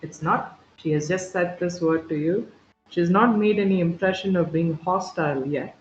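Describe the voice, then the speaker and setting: A game master narrating a tabletop game with vivid, halting description, full of fillers and restarts. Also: medium pitch. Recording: roomy, dull sound, faint music.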